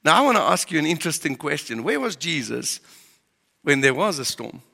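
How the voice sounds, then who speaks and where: A man's voice: high-pitched, sing-song, brisk, creaky, bright, forceful tone, long reverb tail. A man preaching a sermon as pastor, driving his points with emphatic rhetorical questions.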